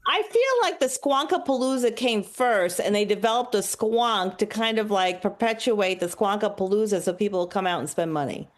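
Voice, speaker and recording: A woman co-hosting a podcast in easy, casual chat. She asks quick, curious questions and tosses out ideas. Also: medium pitch, animated. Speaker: podcast co-host. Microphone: podcast microphone.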